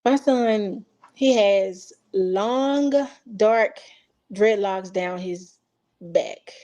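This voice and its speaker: Very slowly and in a dark, medium-pitched voice, a mother from Texas tells a personal story during an interview. The delivery is casual, though she voices the quoted dialogue with strong feeling.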